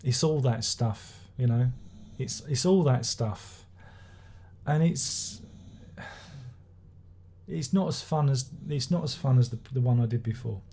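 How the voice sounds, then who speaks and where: A man's voice: mid-range voice, unhurried, dark tone, husky. Sardonic, sweary man reviewing records. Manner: sardonic, swearing, rambling with restarts. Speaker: music reviewer. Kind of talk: casual spoken album review.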